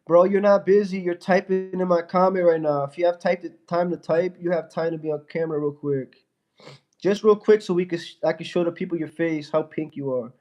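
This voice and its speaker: A man's voice: on the high side, steady tone, a little fast, darkish tone, muffled recording. A young man on a casual livestream with a stuffy nose from a fever, mocking and trash-talking a viewer in his chat.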